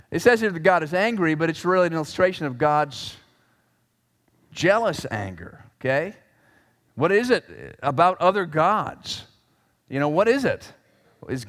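A man preaching a sermon, animated, acting out scripture with emphatic voices. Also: a little high. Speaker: pastor. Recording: long reverb of a large hall.

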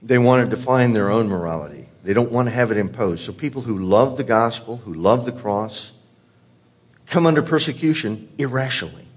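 A man's voice: mid-range voice, lively intonation, a little fast. A pastor delivering a sermon, an earnest man who often repeats words as he presses a point.

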